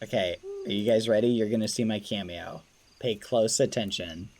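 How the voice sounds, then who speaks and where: Excitable man chatting to his stream. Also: on the low side, normal speed, slight background noise. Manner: excitable, swaps swears for clean words; talks straight to his chat. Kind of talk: live-streamed gameplay chat.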